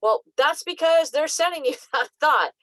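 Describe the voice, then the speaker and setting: A woman psychic coach talking casually to camera, teaching with lots of "like" and "um" and lively acted-out asides. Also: high-pitched, moderate pace, no room sound, low-quality recording.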